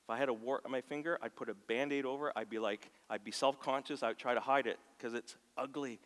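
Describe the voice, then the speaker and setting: A man preaching a sermon in a church. He moves from soft, near-whispered lines to loud, passionate bursts and acts out quoted voices. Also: medium pitch, brisk. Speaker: pastor. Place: church sanctuary. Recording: long hall reverb.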